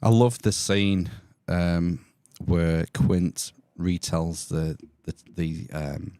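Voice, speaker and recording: A low-pitched man chats casually as a podcast host, wandering from one film memory to the next with plenty of fillers. His voice is dry and close, with no room echo. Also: steady tone, extremely slow, mellow. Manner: chatty, reminiscing, with fillers. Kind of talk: casual chat.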